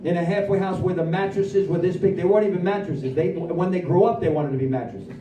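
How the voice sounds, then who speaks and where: A man giving a lively personal recovery testimony at a speaker meeting, acting out his own dialogue as he goes. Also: sits high, fast talker, lo-fi sound, a little hiss or hum. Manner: animated storyteller who acts out his own dialogue. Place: meeting room at a recovery center. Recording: echoey room, voice from far off.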